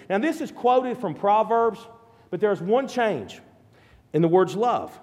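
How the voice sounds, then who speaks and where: A man preaching a sermon, rising to loud, fervent peaks and dropping to quiet, low passages. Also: expressive, normal speed, long reverb tail. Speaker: pastor.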